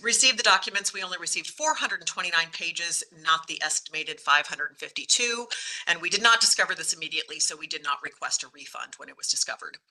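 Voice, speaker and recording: A woman in her forties, a news director from Kansas, reading prepared testimony over a video call in a clear, steady, formal way. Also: sits low, rough recording.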